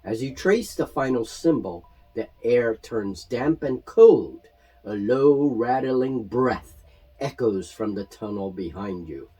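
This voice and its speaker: A man narrates a tabletop fantasy adventure as game master, setting scenes in a measured, storytelling delivery. His pitch moves expressively while his pace stays slow. His voice has a slightly husky grain, with faint music underneath. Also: animated, dark tone, poor audio.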